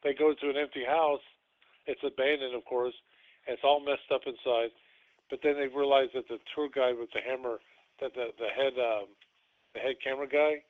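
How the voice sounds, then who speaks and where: A podcast host, a man with a voice of ordinary pitch, rambles through a long story and acts out what people said. It sounds tinny, as if it came over a phone line. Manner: rambling retelling, acting out quotes. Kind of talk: casual storytelling.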